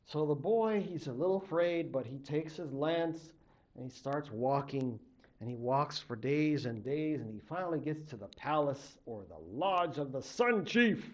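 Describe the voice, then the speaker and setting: A man from a Native American tribe, a college literature instructor telling a legend in an animated lecture, acting out the characters. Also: on the high side, normal speed. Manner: animated, acts out the characters' voices. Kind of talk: storytelling lecture.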